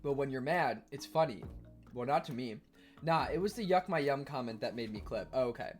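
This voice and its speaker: A man streaming live in a casual chat, reading viewers' messages aloud and answering them while he eats, quick to argue and defensive. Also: medium pitch, lively intonation, soft background music.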